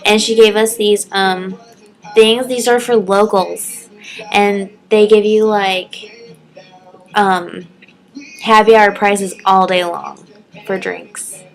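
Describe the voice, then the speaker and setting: A woman's voice: steady tone, slow pace, pauses often, low-quality recording. A young woman telling a story in a casual vlog at home, chatty and giggly with lots of "like" and "um". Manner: chatty, giggly, lots of "like" and "um", acts out quotes in a high voice. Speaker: vlogger.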